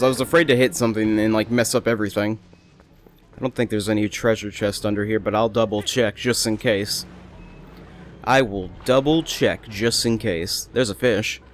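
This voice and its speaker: Rambling young man commentating a game. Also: mid-range voice. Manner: rambling, chatty, self-amused. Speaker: let's play host. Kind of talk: casual gameplay commentary.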